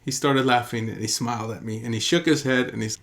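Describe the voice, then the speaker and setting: A man's voice: medium pitch, fairly even intonation, brisk, fairly bright tone. A man, a pastor, teaching in an earnest and emphatic sermon style, telling a story and repeating key phrases for emphasis.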